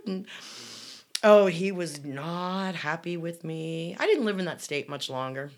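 Blunt low-voiced woman co-host. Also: animated, measured pace. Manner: blunt, storytelling, swears freely. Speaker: podcast co-host reading listener comments. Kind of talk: casual chat.

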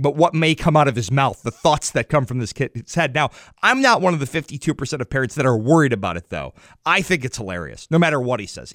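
A man's voice: dry recording, studio quality. A man hosting a morning radio show, telling a family story in an upbeat, chatty way. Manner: upbeat, storytelling with lively jumps in pitch. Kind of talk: morning radio talk segment.

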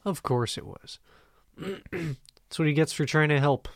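A man's voice: on the high side, measured pace, gravelly, no room sound. A man co-hosting a comedy podcast, who swears freely, laughs often and mocks the news. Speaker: podcast co-host. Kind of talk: casual comedic chat.

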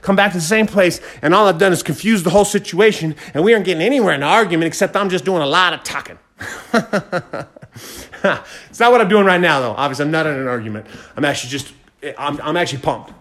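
A man hosting a podcast, fast-talking and fired up, giving a motivational monologue and repeating phrases for emphasis. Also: on the high side, fairly bright tone. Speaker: podcast host.

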